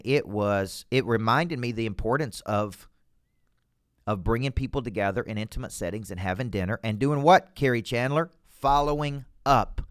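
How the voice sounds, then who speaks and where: Southern man, sales-coach host: folksy, punchy, high energy, middle pitch, dry close sound. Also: fairly bright tone, smooth, dry recording. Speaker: business coach hosting a show. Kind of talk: motivational talk to camera. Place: studio.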